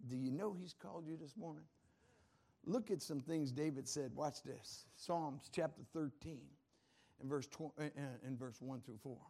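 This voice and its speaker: A man preaching a sermon as pastor, animated, firing questions at the congregation and laughing often. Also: fairly high pitch, normal speed.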